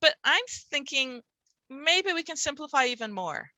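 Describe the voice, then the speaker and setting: Bright-voiced woman teaching a workshop. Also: high-pitched, very animated, moderate pace, dry recording, rough recording. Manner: conversational, explaining with rhetorical questions. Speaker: literacy teacher trainer.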